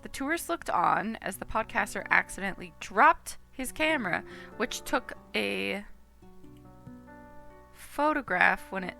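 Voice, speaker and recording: A woman's voice: mid-range voice, lively intonation, measured pace, gravelly, bright, forceful tone, soft background music. A woman streamer chatting casually and reading game text aloud while playing, laughing often.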